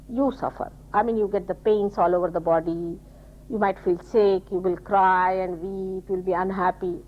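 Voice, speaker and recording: An older woman giving a spiritual talk to her followers, telling stories with quoted dialogue and scolding in an animated way. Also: medium pitch. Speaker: spiritual teacher. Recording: dull lo-fi 1980s tape.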